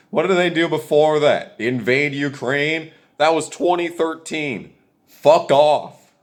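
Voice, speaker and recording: A young man in an angry, profane political rant to his viewers, bitter and heated, repeating his points. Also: medium pitch. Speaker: video creator ranting to camera.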